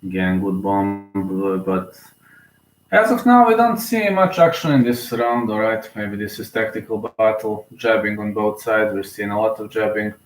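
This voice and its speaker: A young man giving live, emotional fan commentary on a fight, excitable and often repeating himself. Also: lowish voice, unhurried, slight background noise. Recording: roomy echo.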